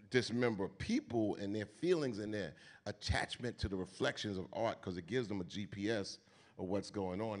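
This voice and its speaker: A keynote speaker with a New York accent and a fairly low voice holds an onstage conversation before an audience at an event. His delivery is animated and almost preacherly, packed with street slang and casual swearing.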